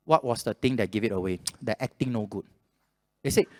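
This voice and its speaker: A man's voice: medium pitch, fairly quick. A man with a Singaporean English accent, telling a story to a live audience at a panel and acting out the voices in it. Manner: lively, acts out voices and laughs while telling. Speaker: panel speaker. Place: event hall with audience. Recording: echoey hall.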